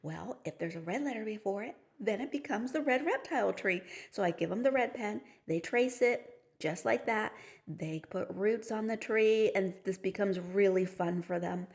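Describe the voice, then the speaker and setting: A woman's voice: mid-range voice, normal speed, darkish tone. A woman teaching a phonics lesson for teachers and parents, patiently explaining each step with playful story cues. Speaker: reading teacher.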